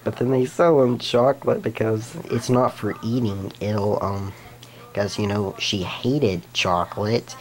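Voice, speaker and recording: A man's voice: lowish voice, fairly even intonation, unhurried, poor audio. A man on his own video channel, recapping cartoon episodes in a rambling, unscripted way, restarting sentences and giggling. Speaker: YouTube episode reviewer.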